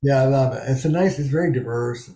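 A psychotherapist in his seventies speaks fast in a mellow, mid-range voice, his small bedroom study sounding echoey. In this candid interview conversation he is frank, emphatic and swears freely.

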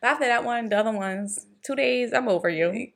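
A woman's voice: on the high side, fairly quick, creaky. Blunt young woman, swearing freely. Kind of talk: casual chat.

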